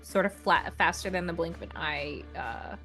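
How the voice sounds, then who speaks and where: Woman game master with a lower voice. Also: normal speed, bright, forceful tone, faint music behind. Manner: vivid descriptive narration, laughs easily. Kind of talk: narrating a tabletop game.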